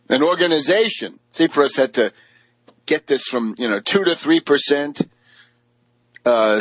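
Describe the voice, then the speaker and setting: A man's voice: medium pitch, fairly bright tone, breathy edge, no room sound, dull audio. A man giving a combative, sarcastic political commentary, full of fillers and mocking quotes of opponents. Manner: mimics opponents in quoted asides.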